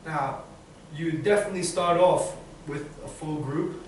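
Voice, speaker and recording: Energetic male trainer in an echoey classroom. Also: a little high, measured pace. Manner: energetic, demonstrative, acts out examples. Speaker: teacher trainer. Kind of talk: live training session. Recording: very echoey room, far mic, faint noise.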